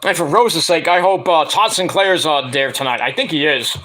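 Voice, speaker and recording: A man with a high, bright and somewhat tense voice talks casually to camera. He rambles loosely, swears often and leans on fillers as he runs through his plans. The delivery is loose, unscripted vlog chat. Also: normal speed. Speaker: wrestling review vlogger.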